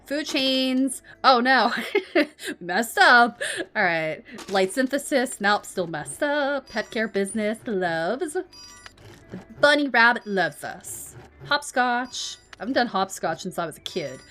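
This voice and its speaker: Casual woman streamer with a lively pitch. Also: takes it slowly, faint music behind. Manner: reads game text aloud, casual swearing. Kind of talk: casual gameplay commentary.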